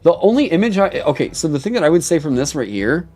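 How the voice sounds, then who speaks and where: A young man riffing with his stream chat, his voice pitched a little high and swinging widely as he fires off exasperated, profane reactions. Faint music plays underneath. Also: fast talker. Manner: animated, swears freely, exclaims in mock outrage.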